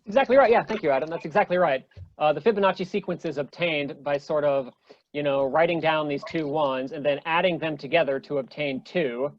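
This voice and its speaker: A man's voice: a little high, a little fast, muffled recording. A man giving an online lecture to a group, eager and full of ums and restarts as he explains. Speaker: presenter.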